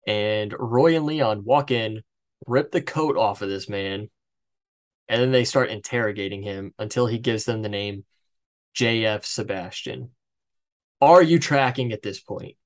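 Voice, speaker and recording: A man's voice: fairly low pitch, fairly even intonation, measured pace. A man hosting a podcast, recapping a film plot from his notes in a casual, chatty way, with swearing and joking asides. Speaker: podcast host. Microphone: headset.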